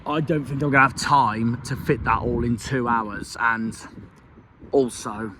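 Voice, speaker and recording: A young man from Cornwall talking casually in a football vlog, excitable and quick to shout and swear. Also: medium pitch, background noise. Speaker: football vlogger.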